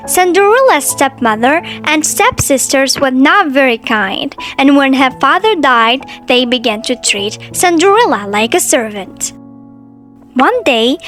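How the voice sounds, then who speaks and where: Brief: woman storyteller, animated sing-song delivery, high voice. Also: measured pace, faint music behind. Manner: sing-song, expressive read-aloud. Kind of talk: storybook narration.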